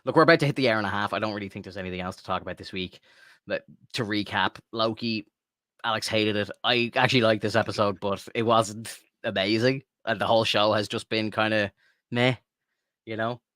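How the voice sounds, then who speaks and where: Co-hosting a podcast, this Irish man tells meandering stories from his home room, cursing freely and leaning on "like" a lot. He speaks low, steady, fairly quickly, with a bright, forceful tone in a dry, studio-quality recording.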